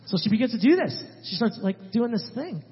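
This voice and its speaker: A man, a missionary speaking to a church, telling a story in an emphatic way that swings between loud and hushed. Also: extremely high pitch, very animated, fairly quick. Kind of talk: animated testimony storytelling. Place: church sanctuary. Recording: reverberant hall, dull lo-fi sound.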